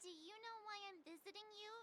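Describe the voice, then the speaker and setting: A woman's voice: very high-pitched, fast talker, sharp tone, slight background noise. A woman voicing a cheerful, upbeat young woman adventurer in a video game. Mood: curious.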